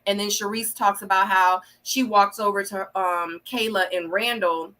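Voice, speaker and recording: Bright animated woman reviewing a reality show. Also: moderate pace. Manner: animated, acts out quotes with big pitch jumps. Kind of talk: casual live review chat.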